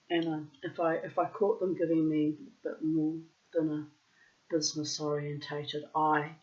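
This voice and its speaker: Profane, rambling woman, lo-fi. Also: fairly low pitch. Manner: profane, rambling, theatrical asides. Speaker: reader and host. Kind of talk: casual rambling monologue. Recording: dull lo-fi recording.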